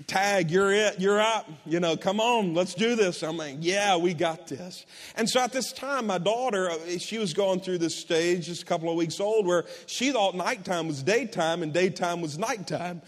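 Middle-aged male pastor, high voice, earnest storyteller, echoing sanctuary sound. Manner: earnest, storytelling, with many restarts. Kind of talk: sermon. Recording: long hall reverb.

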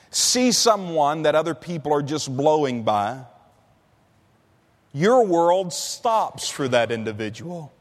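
Preacher man in a reverberant hall. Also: fairly high pitch. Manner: conversational, slows and stretches key words. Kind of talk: sermon. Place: large church hall.

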